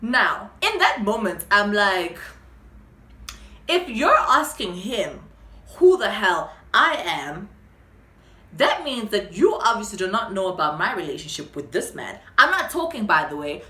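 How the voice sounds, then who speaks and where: A young woman with a South African accent tells a long story in a chatty, animated way. Her voice is bright and swings widely in pitch. The recording has an echoey room sound. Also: normal speed. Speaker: vlogger. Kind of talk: storytime vlog.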